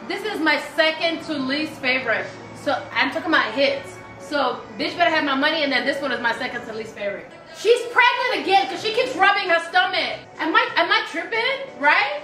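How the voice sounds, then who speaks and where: A woman's voice: sits high, expressive, a little fast, hardly any pauses, sharp tone, reverberant, faint music behind, rough recording. A woman hosting a live reaction video, chatty and exclamatory, singing along now and then.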